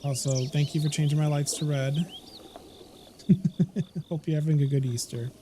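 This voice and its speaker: This man's voice sits a little high and sounds dark, with fairly even intonation and a normal speed, plus a little hiss or hum. While live-streaming a game, he chats loosely with his audience, rambling and frequently pausing to correct himself.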